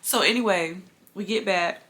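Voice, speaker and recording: A woman's voice: medium pitch, normal speed, sharp tone, a little hiss or hum. A woman telling a personal story to her viewers in a casual storytime vlog, chatty and talking to them directly. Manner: chatty, addresses viewers as y'all. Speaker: lifestyle vlogger.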